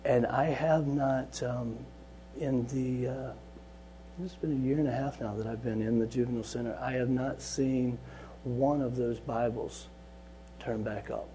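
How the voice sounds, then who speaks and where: A man who leads Bible study at a juvenile center, giving an earnest personal testimony that moves between quiet and loud, lively telling. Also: medium pitch, unhurried, slight background noise. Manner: earnest storytelling, swings from soft to loud and lively.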